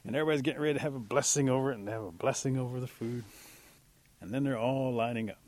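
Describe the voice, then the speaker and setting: A male storyteller tells an animal folk tale in a relaxed, chatty manner, his voice sitting at an ordinary middle pitch. He keeps it lively and easy, like talking to a friend. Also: rapid-fire.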